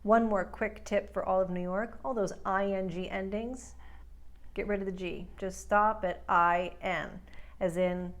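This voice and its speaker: A woman speech coach teaching accent sounds, giving clear explanations and slowly modeling drill words. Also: mid-range voice, steady tone. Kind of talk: accent lesson.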